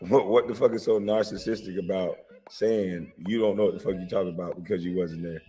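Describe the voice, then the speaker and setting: A man's voice: low-pitched, fairly even intonation, normal speed, mellow, long reverb tail. An American man giving casual reaction commentary, aggrieved and repetitive, swearing freely.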